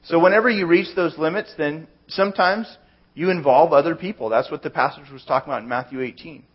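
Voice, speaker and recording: A man with a husky, slightly high voice preaches in an easy, conversational way. He leans on everyday examples to make his points. The recording sounds dull and lo-fi. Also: brisk. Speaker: pastor. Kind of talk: sermon.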